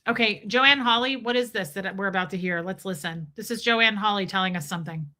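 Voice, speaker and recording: A woman hosts a livestream, reading viewers' super chats in a medium-pitched voice at a fairly quick clip. Playful and animated, she swears freely and drops into mock voices and snatches of song.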